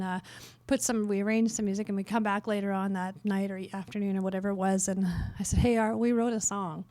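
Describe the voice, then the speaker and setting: A middle-aged woman from northern Canada, speaking at a conference workshop on worship, tells stories in a mid-range voice with no room sound. She is lively and self-mocking in her humor, using many filler words as she shares anecdotes in the conference talk.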